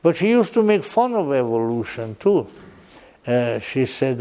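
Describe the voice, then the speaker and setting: A man giving an unscripted public lecture in a wry, digressive way, with joking asides and halting restarts. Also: medium pitch, very animated, dark tone.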